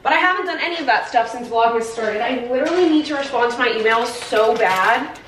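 A woman's voice: fairly high pitch, expressive, brisk. A young woman talking casually to camera at home, chatty and filled with "like", doing a daily vlog. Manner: chatty, talks straight to camera, lots of "like". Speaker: vlogger. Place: at home in an apartment. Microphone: camera mic. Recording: roomy, from a distance, faint noise.

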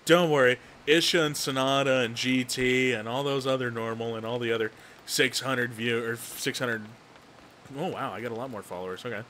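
A man's voice: mid-range voice, steady tone, normal speed, bright, forceful tone, slight background noise. A young man streaming a shooter game, chatting casually and teasing his viewers as he plays. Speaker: gaming streamer. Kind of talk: casual live-stream chat while playing.

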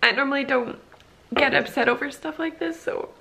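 A young woman vlogging at home as a mom, chatty and sentimental, speaking softly with lots of fillers and sounding teary. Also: high voice, normal speed, creaky, a little hiss or hum. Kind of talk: casual home vlog. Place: family home.

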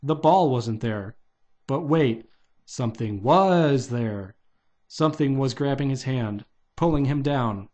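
A man reading a children's book aloud at a medium pitch. His delivery is plain and steady. He moves from line to line like a storybook narrator. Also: slow pace. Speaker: reader.

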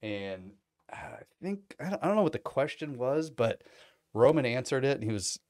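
A man's voice: medium pitch, very animated, normal speed, a little mellow, dry recording, studio quality. A man in his thirties chatting casually as a vlogger, telling rambling, profane stories full of fillers. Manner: mimics other people in quoted bits. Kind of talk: casual chat.

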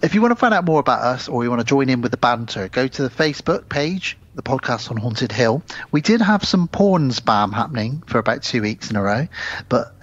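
A man's voice: medium pitch, sing-song, a little fast, dry recording. Chatty man hosting a podcast. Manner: chatty, rambling, self-deprecating. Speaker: podcast host. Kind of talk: casual podcast chat. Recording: slightly dull lo-fi sound.

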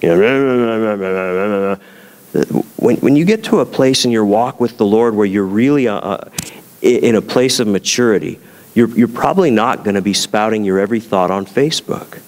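A man preaching a sermon in a conversational style, often turning to his listeners with questions. His voice sits low, and a long hall reverb trails behind each phrase. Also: moderate pace, a little mellow. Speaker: pastor.

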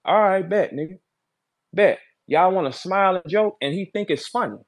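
A man, a battle rapper, giving a heated, profane rant on a live audio chat. He repeats short lines and swings between loud bursts and low, menacing tones. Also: animated, moderate pace. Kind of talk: heated Twitter Spaces rant.

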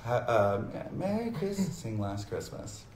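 Slow, giggly male singer chatting with bandmates; roomy livestream audio. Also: medium pitch, very animated, darkish tone. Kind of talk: casual chat with bandmates. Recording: roomy livestream with background noise.

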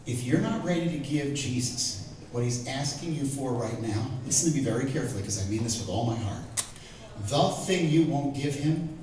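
A middle-aged man teaching the Bible to a live audience, animated and joking, asking the crowd questions. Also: mid-range voice, normal speed. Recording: echoey hall, mic far off, faint noise.

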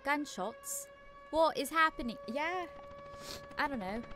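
A woman's voice: high voice, lively intonation, slow, over loud music. A woman giving chatty, self-talking commentary while playing a video game, often giggling. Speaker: gaming streamer. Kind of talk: casual let's-play commentary.

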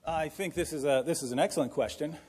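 Husky man debating in an echoey hall. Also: on the high side, fast, a little mellow. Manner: earnest, pleading, with frequent restarts. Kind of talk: formal debate argument. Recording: echoey hall with long reverb.

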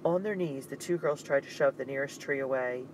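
A man narrating an audiobook in a steady, suspenseful reading. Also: mid-range voice, a little fast, slight background noise, poor audio.

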